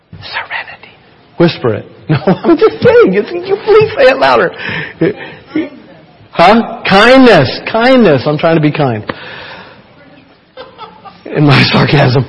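A man's voice: a little high, breathy edge. A man preaching a sermon in a church, chatty and playful, joking with the congregation. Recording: church hall reverb.

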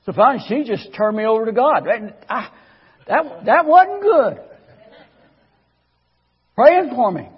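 A guest preacher with a high, husky voice shares his personal testimony in a church sermon, very animated and at normal speed, in a big-room sound on dull, lo-fi audio. His storytelling is folksy and conversational, often stumbling over his first words with stammered restarts.

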